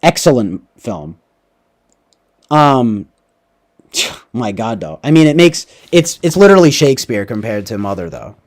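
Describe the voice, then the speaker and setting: A man's voice: medium pitch, sing-song, measured pace, pauses often. A man hosting a casual livestream, rambling and profane, tagging his thoughts with "like" and "right?". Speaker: livestream host. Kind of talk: casual livestream movie talk.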